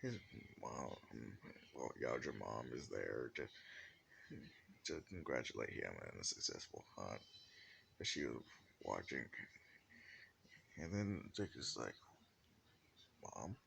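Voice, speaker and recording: A man's voice: very deep voice, sing-song, slow pace, creaky, long pauses, a bit bright, slight background noise. A man telling an improvised fan-fiction story in a rambling way, with many restarts.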